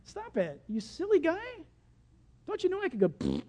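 A preacher voicing God as a calm, fatherly figure, speaking low and gently. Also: moderate pace. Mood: gentle scolding.

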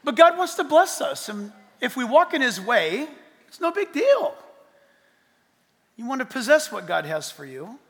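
A man preaching a sermon as a pastor, animated, swinging from loud bursts to hushed asides and dropping in jokes. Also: very high voice, a little slow, in a large hall.

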